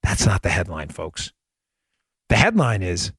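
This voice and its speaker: A man's voice: mid-range voice, sing-song, normal speed, fairly bright tone, breathy edge, dry recording. A man hosting a podcast, delivering emphatic, impassioned political commentary. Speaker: podcast host.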